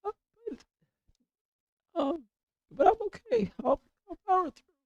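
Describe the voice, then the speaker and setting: A young man streaming live with a hoarse, cracking voice from illness, rambling and swearing in casual chat. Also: extremely high pitch, expressive, a little slow, no room sound, muffled recording. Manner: coarse, rambling, swears a lot, repeats himself.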